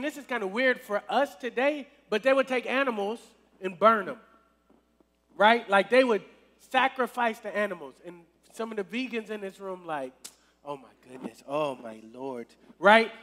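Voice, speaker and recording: A man's voice: extremely high pitch, a bit bright. A man leading a casual youth sermon in a church service, talking conversationally and checking in with the crowd often. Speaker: youth minister. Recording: long reverb in a hall.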